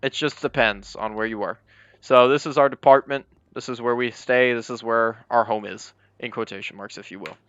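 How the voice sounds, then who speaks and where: A man's voice: mid-range voice, steady tone, normal speed, a bit bright, smooth, dry recording. A young man casually walking viewers through a roleplay game server, rambling with lots of fillers and apologies. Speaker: roleplay server police department leader. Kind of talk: casual gameplay walkthrough. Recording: dry, slightly dull lo-fi mic.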